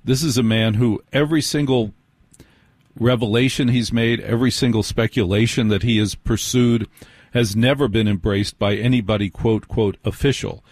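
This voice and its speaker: A man hosting an interview in casual chat, speaking in an earnest, measured way. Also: on the low side, steady tone, darkish tone, no echo. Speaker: podcast host.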